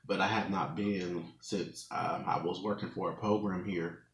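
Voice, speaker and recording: Recorded in an echoey room at home, a mukbang vlogger in his twenties laughs often as he tells his viewers a wandering story. His low-pitched voice keeps a steady tone and measured pace.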